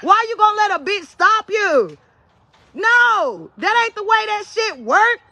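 Brash high-voiced Southern woman ranting. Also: very animated, measured pace, creaky, sharp tone, dry recording. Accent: Southern US, North Carolina. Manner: profane, defiant, brash. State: out of breath at times. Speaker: social media vlogger. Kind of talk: unscripted live-stream rant.

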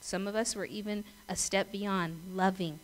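A woman's voice: medium pitch, fairly even intonation, moderate pace, poor audio. Middle-aged female pastor, conversational sermon, storytelling, acts out voices. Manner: chatty storytelling, asks the congregation questions; acts out voices and laughs in her stories.

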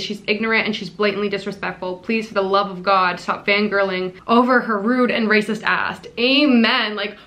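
A woman's voice: medium pitch, pushed and bright. A young woman giving casual commentary on her channel, blunt and exasperated, with plenty of swearing. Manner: blunt, profane, exasperated ranting. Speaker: commentary YouTuber.

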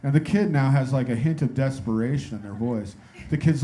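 A male stand-up comedian telling a story on a comedy club stage in an incredulous, lively way. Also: mid-range voice, a little fast, hardly any pauses, noisy background.

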